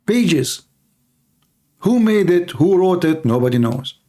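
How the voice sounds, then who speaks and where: A man hosting a live call-in debate stream, mocking and combative in manner, his voice hoarse and tired with occasional coughs. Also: high voice, animated, slow, warm tone. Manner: mocking, combative, repeats points rhetorically. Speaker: livestream host debating callers.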